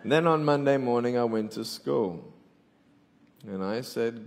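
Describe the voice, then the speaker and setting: Gravelly Australian man preaching in a hall. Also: medium pitch, measured pace. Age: 20s. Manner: playful storyteller turning to earnest, pressing questions. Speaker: motivational Christian speaker. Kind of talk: sermon with comic stories. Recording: long hall reverb.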